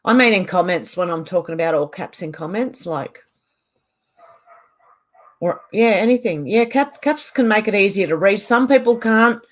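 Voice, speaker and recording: A woman's voice: medium pitch, expressive, normal speed. A woman hosting a casual livestream, reading viewers' comments aloud and answering them in a chatty way. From Australia.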